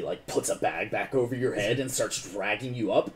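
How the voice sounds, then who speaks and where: A man's voice: lowish voice, moderate pace, hardly any pauses. Casual male game master with a faint hiss. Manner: casual, many fillers like "like" and "um". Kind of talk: narrating a tabletop game.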